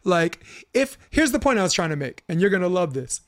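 A man with a high voice hosts a casual podcast chat. He spins animated stories, swears freely and breaks into laughter often. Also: brisk. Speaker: podcast host and volleyball coach.

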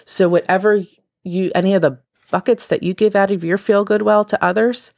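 A woman's voice: mid-range voice, fairly even intonation, moderate pace, a little mellow, no room sound, studio quality. A woman giving casual motivational advice in an earnest, encouraging, conversational way. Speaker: wellness speaker.

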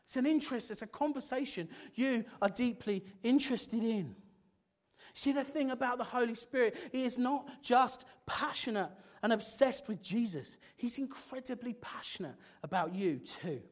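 A man preaching a sermon with passion, swinging from loud exclamations to hushed, intense moments. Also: very high-pitched, normal speed.

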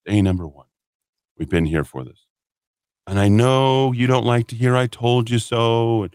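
A man's voice: mid-range voice, fairly bright tone, no echo. A man hosts a political call-in style radio show, talking at length in an emphatic, rambling way. He restarts sentences often and slips into sarcastic asides, recorded on a dry, close studio microphone. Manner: rambling, emphatic, addresses listeners as folks. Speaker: radio talk show host. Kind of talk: opinionated political talk radio.

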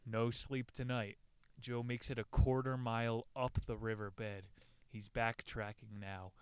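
A man with a smooth, clear voice retells a survival story in a loose, irreverent way. He jokes and swears freely, and his voice sounds close and dry. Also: mid-range voice, level tone, unhurried, no echo. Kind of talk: casual retelling with quoted readings.

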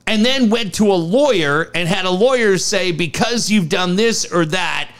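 A man's voice: sits high, expressive, moderate pace, a bit bright, smooth. A man co-hosting a sports podcast in casual, blunt and profane talk. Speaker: podcast co-host.

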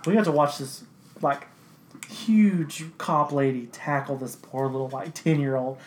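A man's voice: medium pitch, measured pace. Laid-back man chiming in, roomy sound. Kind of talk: casual chat. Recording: roomy room with faint ambience.

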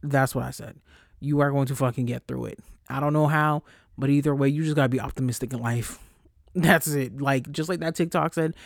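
A man hosting his own podcast alone, talking casually in a blunt, profane, animated way as he gives his listeners a pep talk. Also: mid-range voice, moderate pace, creaky, no echo, clean studio sound. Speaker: podcast host.

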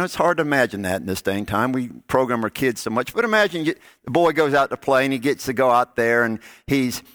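Soft-spoken preacher, dry sound. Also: male voice, no echo. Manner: storytelling, drops to soft low tones on key lines. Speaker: pastor. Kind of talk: sermon.

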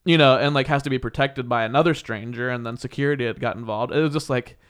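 Young male co-host, casual storyteller, animated and heated, swears freely, ordinary mid pitch. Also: fast talker. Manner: animated, heated storytelling with frequent laughs and profanity. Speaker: podcast co-host.

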